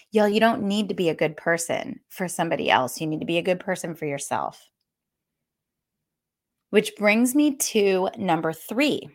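A woman's voice: on the low side, expressive, unhurried, pauses often. A woman who is a group fitness instructor, giving a candid, conversational motivational talk and speaking straight to her listeners. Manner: warm, candid, addresses listeners directly as y'all; laughs between points, conversational.

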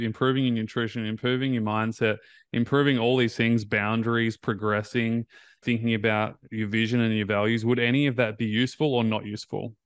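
A man's voice: medium pitch, no room sound. A man hosting a casual interview as a recovery coach, affirming and encouraging his guest.

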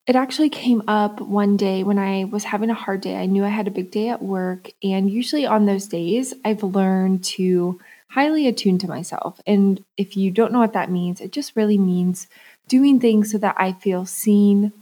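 A young adult woman hosting a podcast, talking in a soft, calm, unhurried way about a gentle morning routine. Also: mid-range voice. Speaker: podcast host, self-love coach. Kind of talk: gentle reflective monologue.

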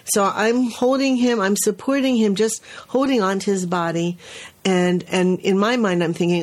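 A woman's voice: medium pitch, normal speed. A woman who teaches at a preschool, co-hosting a podcast and telling a story in casual conversation, acting out the quoted voices and often restarting her sentences. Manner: animated, acts out the quoted voices of others; frequent restarts and "you know" fillers.

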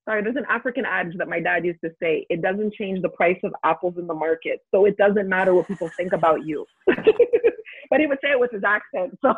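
A woman's voice: lowish voice, fast, few pauses, slightly rough, dry recording. A middle-aged woman, a podcast guest, talking in a straightforward, emphatic way and laughing readily. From Canada. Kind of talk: casual interview talk. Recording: tinny phone line.

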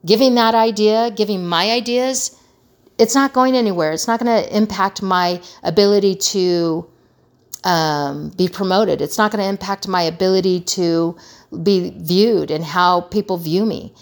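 A woman's voice: medium pitch, unhurried. A middle-aged woman hosting a casual advice talk, earnest and conversational, acting out remarks she quotes. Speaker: host.

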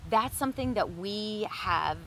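A woman's voice: medium pitch, expressive, unhurried, pushed and bright, a little hiss or hum. A woman co-hosting a casual chat about marriage, speaking earnestly with emphasis. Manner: earnest, emphatic, many affirming sounds. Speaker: co-host of a marriage advice show.

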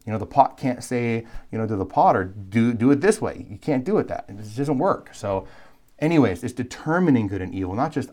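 A man teaching a live Bible course, talking in an animated, emphatic, conversational way with asides and quick restarts. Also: medium pitch. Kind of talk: live recorded lecture.

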